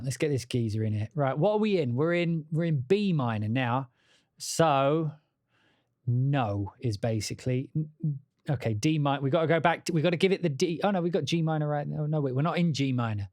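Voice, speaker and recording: A man speaks at a mid pitch in a loose, casual stream of talk. He mutters to himself and cheerfully curses his own mistakes. The sound is dry and close. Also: a little mellow, no echo. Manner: muttering, self-deprecating, swears at himself. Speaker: composer live-streaming. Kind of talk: casual live-stream chat. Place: home studio at a desk.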